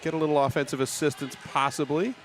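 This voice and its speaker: A man's voice: fairly high pitch, fairly even intonation. Joking male play-by-play commentator. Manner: joking, conversational, quick asides. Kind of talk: live sports commentary.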